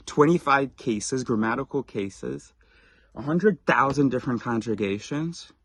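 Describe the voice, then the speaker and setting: Guy rambling a story to his camera, gravelly voice, mid pitch, super dry sound. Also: a bit bright, no echo. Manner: rambling, self-interrupting, quick asides. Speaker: vlogger.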